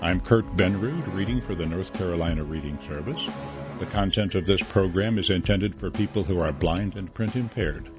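A man reading a formal, steady program sign-off as the announcer. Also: deep voice, normal speed. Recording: muffled recording with music underneath.

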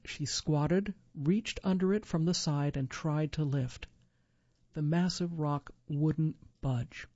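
A woman reading a magazine article aloud for a reading service, in a clear, even, measured way. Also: low-pitched, dry recording, dull audio. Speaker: volunteer reader for a reading service. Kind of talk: scripted narration of magazine article.

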